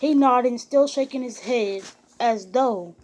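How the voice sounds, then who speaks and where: A woman reading a biography aloud in a steady, even storytelling manner with occasional restarts. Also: a little high, slow pace, poor audio. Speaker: narrator.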